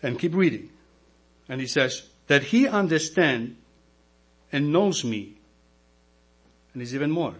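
Slow, husky-voiced preaching man. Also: a little high, lively intonation, fairly bright tone. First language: not English. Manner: slow, emphatic preaching with rhetorical questions to the congregation. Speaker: deacon. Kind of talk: sermon. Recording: mains hum in background.

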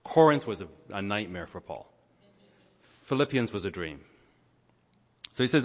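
A man's voice: medium pitch, expressive. A man preaching a sermon, stopping to explain the grammar of a Bible passage in a teacherly way. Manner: teacherly, explains Greek grammar, pauses on words. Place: church or large meeting hall. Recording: long echo in a large hall.

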